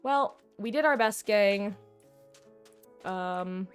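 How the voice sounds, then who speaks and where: A woman's voice: mid-range voice, very slow, smooth, soft background music. A woman streaming a video game, chatting casually with her viewers in a dramatic, talkative way as she plays. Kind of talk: casual gameplay commentary.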